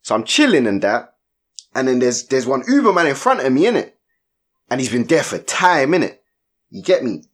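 A man's voice: mid-range voice, normal speed, pauses often. A young man, telling a story in casual podcast chat, full of slang and tag questions. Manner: slangy, animated storytelling with lots of "innit" and "you get me". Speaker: podcast co-host.

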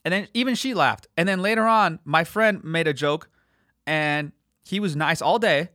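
A man's voice: on the high side, moderate pace, sharp tone, no echo, clean studio sound. A man in his late twenties hosting a podcast, talking in a blunt, rambling, profane casual monologue. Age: 20s. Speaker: podcast host.

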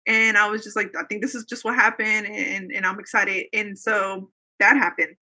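Her mid-range voice moves little in pitch and comes out pushed and bright at a normal speed. The woman, thirties or forties, is a guest earnestly telling a personal story of faith in a loose, conversational style with frequent fillers and restarts.

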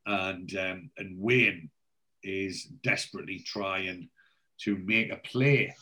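A man's voice: deep voice, takes it slowly, bright, forceful tone. A man hosting a podcast, recapping an episode in a chatty storytelling way. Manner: chatty, storytelling, acts out scenes. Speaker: podcast host.

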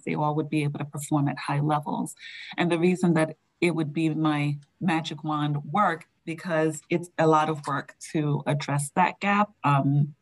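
A woman with a low voice and a New York accent answers questions about her work leading a school district. She talks in a relaxed, conversational way and often pauses on filler words. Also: poor audio. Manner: conversational, frequent fillers and laughs. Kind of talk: interview answers.

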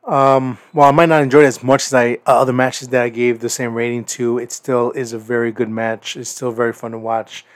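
A man's voice: medium pitch, little pitch movement, a little fast, few pauses, dry recording, studio quality. A young man hosting a podcast, reviewing a wrestling event in a casual, rambling way full of restarts and repeated words. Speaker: podcast host.

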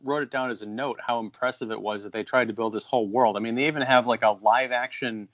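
A man's voice: mid-range voice, steady tone, fast, fairly bright tone, dry recording. Brief: thoughtful podcast guy breaking down a movie, dry lo-fi call sound. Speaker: podcast co-host. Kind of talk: casual film discussion. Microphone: video call. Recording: dry dull video call audio.

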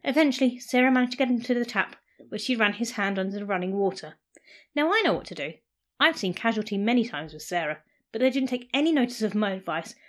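A woman narrating a first-person story in a playful, animated way. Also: fairly high pitch, fast.

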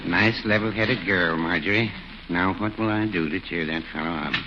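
An actor playing a meek, polite druggist in a 1940s radio comedy, hesitant and gentle. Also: male voice, sits low, moderate pace, natural voice. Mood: mild. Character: meek mild-mannered male druggist. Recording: dull noisy old radio recording.

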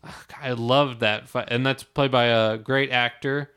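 A man's voice: medium pitch, steady tone, a little slow, a bit bright, smooth. A man in casual movie chat, enthusiastic and often trailing off while searching for words.

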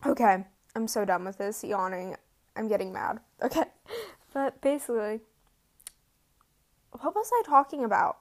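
Teen girl, podcast host, casual chat, rambling, giggly, sleepy, slightly high voice. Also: expressive, normal speed, long pauses. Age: teens. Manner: chatty, rambling, giggly, says "like" and "um" often. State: sleepy, yawning.

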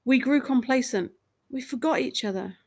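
A weary, resigned wife speaks in a storybook reading, voiced by a woman close to her own voice. She talks quietly and sadly, calm and subdued. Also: high voice, moderate pace.

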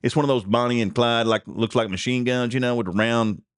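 A man's voice: medium pitch, steady tone, brisk, smooth, no room sound, studio quality. A man hosting a talk radio show, rambling through stories in a casual, folksy way with frequent chuckles and asides. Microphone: studio mic.

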